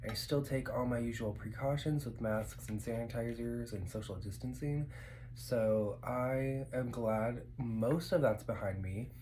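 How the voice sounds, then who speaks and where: A man's voice: medium pitch, measured pace, dark tone, slight background noise, poor audio. Casual male vlogger, mid-range voice, loose filler-heavy delivery, eating at home. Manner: rambling and chatty, with many fillers. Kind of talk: casual eating vlog chat.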